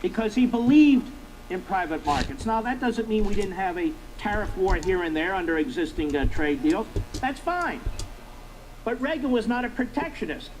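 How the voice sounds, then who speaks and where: A man's voice: sits high, lively intonation, normal speed, a little hiss or hum, poor audio. A middle-aged man hosting a political commentary monologue, emphatic and repetitive, firing rhetorical questions at his listeners. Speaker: talk show host.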